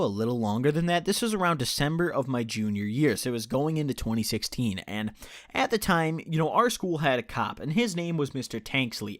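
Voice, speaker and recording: A young man in his late teens talks through a personal story over gameplay, loose and profane, often stopping to restart or correct himself. His voice sits at an ordinary pitch for a man, and the sound is dry with no room echo around it. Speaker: channel host telling a personal story.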